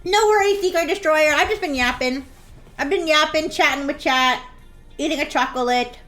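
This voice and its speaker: Woman, streamer, high voice, giggly, playful, casual live chat, faint music behind. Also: normal speed, bright, forceful tone. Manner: playful and giggly, laughs often; acts out a bratty daughter in jest.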